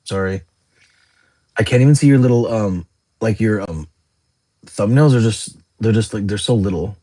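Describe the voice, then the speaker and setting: Chatty man, husky and mellow. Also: fairly low pitch, normal speed. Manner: rambling, chatty, answers viewer questions. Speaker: livestream host. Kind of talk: casual live chat reading comments.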